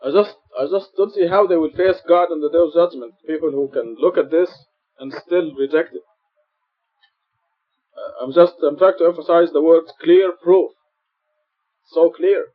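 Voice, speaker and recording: A man's voice: fairly high pitch, normal speed. Earnest male preacher on a dull recording. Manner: earnest, explanatory, repeats points for emphasis. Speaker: preacher teaching Quran study. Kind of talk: sermon. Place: mosque.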